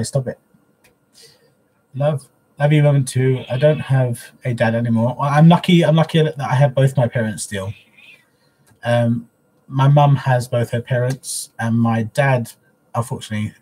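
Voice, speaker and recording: Brief: male livestream host, husky tone, soppy and chatty, recorded at home. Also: medium pitch, steady tone, moderate pace, a little mellow. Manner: openly emotional, soppy, chatty. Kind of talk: casual live-stream chat. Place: at home, in a living room.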